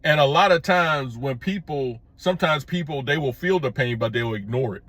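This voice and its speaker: A man's voice: lively intonation, normal speed, a bit bright, no echo. Emphatic plain-spoken middle-aged man. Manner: emphatic, repeats his points, rises sharply in pitch when pressing a point; plain-spoken, addresses viewers as folks. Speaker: commentary vlogger. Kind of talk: opinion commentary monologue.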